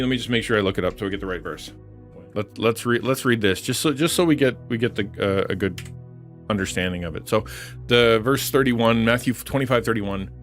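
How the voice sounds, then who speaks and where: Earnest low-voiced male preacher. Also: a bit bright. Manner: earnest, repetitive, emphatic phrasing. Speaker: online pastor. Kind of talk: livestream sermon.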